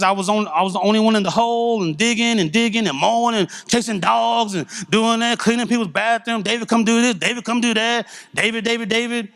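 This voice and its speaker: Middle-aged man, slightly high voice, candid and animated church testimony. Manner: candid, conversational, animated storytelling. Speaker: church speaker giving testimony.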